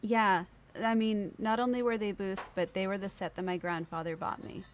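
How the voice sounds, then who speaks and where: Her voice medium in pitch and her speed normal, a woman on a podcast tells a lively personal story, doing voices for the people she quotes. A faint hiss or hum is present.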